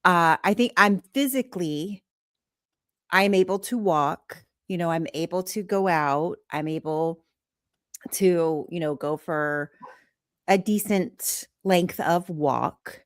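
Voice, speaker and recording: A woman's voice: fairly low pitch, takes it slowly, dry recording, studio quality. A woman hosting a podcast, guiding the talk in an encouraging, supportive way. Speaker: podcast host. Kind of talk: candid podcast conversation.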